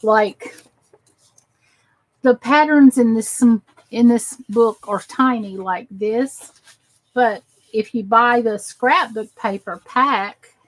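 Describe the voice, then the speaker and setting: A woman's voice: fairly high pitch, slow, poor audio. An exhausted woman chatting casually as she works on crafts for her channel, rambling and talking to herself as she goes. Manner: rambling, talks to herself while working.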